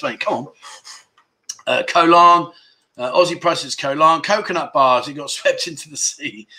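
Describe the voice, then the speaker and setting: A man's voice: fairly high pitch, expressive, measured pace, vocal fry, pushed and bright. A man hosting a casual livestream quiz, chatting and teasing viewers as he reads their comments aloud. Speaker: livestream host.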